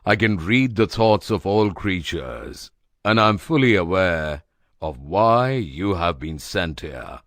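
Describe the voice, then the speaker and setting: Casting: a man as a serene, all-seeing ruler god, deliberate and slow, dry close sound. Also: deep voice, lively intonation, fairly bright tone, no echo, heavily acted. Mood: commanding. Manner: commanding and unhurried. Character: calm, all-knowing male chief god. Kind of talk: storybook acting.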